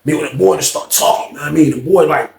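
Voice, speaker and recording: Man, high-pitched, animated, profane, laughing storyteller, echoey room. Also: very fast, gravelly. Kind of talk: casual storytelling.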